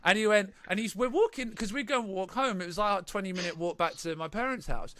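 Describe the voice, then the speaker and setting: Bright high-voiced man telling stories. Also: fast talker, no room sound. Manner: rambling, laughing anecdote teller with many restarts. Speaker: podcast co-host, band member. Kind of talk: casual storytelling chat.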